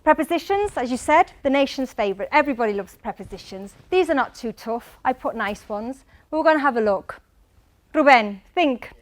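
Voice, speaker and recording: A high, bright-toned woman with a Mancunian accent teaches pronunciation in a lecture hall. She is animated and talks straight to her class. She calls on people by name and has them repeat words back. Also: fairly quick. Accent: Mancunian English. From England, Manchester. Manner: animated, quizzes the audience by name. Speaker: English teacher.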